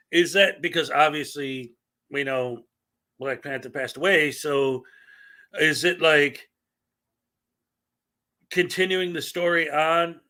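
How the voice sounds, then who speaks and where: A man's voice: on the high side, bright, forceful tone. A man in his thirties hosting a casual livestream, chatting in a rambling way and greeting viewers in the chat. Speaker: livestream host.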